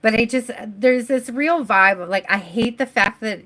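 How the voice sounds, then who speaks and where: A woman doing a live-stream tarot reading, chatty and affectionate with her viewers and giving gentle spiritual advice. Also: a little high, normal speed, rough recording. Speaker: tarot reader.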